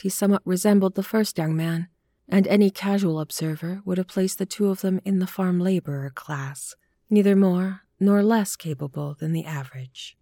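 A woman narrating a horror story in a measured, even storytelling manner. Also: fairly low pitch, no echo, studio quality.

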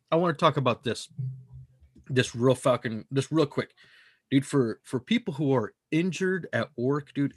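A man's voice: medium pitch, husky, no room sound, clean studio sound. A man co-hosting a podcast, talking in a casual, profane, emphatic way that rambles from point to point. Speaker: podcast co-host.

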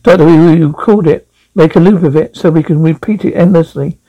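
A man's voice: on the high side, brisk, warm tone, dull audio, lightly acted. A man voicing an eager, resourceful male traveller, reading a script and stumbling over words. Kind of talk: script read aloud.

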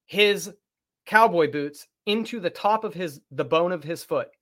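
A man telling a story in casual chat, animated, swearing freely and acting out what people said. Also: high-pitched, a little slow. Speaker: podcast guest telling a story.

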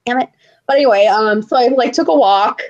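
A young woman co-hosting a casual chat, telling stories with lively, acted-out quotes. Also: a little high, a little fast, muffled recording. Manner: animated storyteller who acts out loud quotes. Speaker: podcast co-host.

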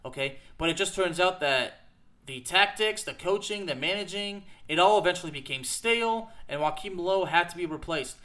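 A man with a notably high voice rants on his show. He hammers points home with repetition and keeps asking "okay?" between lines. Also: normal speed, sharp tone. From United States. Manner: emphatic, repetitive, fired-up ranting with frequent "okay?". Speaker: podcast host. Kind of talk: ranting soccer commentary.

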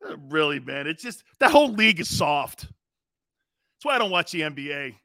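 A man's voice: on the high side, sing-song, moderate pace, pushed and bright, no room sound, clean studio sound. A man hosting a sports talk show, delivering a brash, mocking monologue. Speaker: sports radio host.

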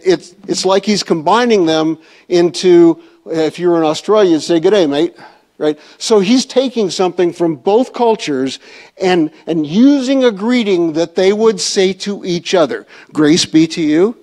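A man's voice: high-pitched, darkish tone. A man teaching a church Bible study in a conversational way, asking the audience questions.

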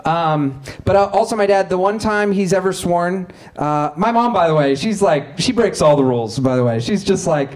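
A man telling comic stories as a guest comedian, animated and laughing as he goes. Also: sits high, moderate pace, hardly any pauses. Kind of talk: comic storytelling.

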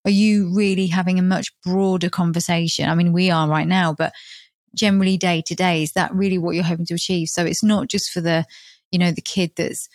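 A woman's voice: fairly low pitch, flat delivery, brisk, dry recording, clean studio sound. Thoughtful woman hosting a podcast. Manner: thoughtful, probing questions. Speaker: podcast host. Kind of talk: interview conversation.

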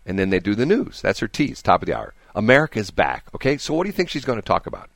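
A man hosting a radio talk show, giving his opinions in an animated, talkative way and mocking the people he disagrees with. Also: lowish voice, very fast, gravelly, no echo. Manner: animated, mocking imitations of others. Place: radio studio.

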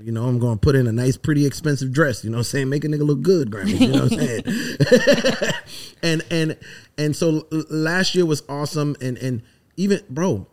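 A man's voice: a little high, lively intonation, normal speed, darkish tone. A middle-aged man from the Virgin Islands, a songwriter guest talking emphatically and from the heart in a casual podcast interview.

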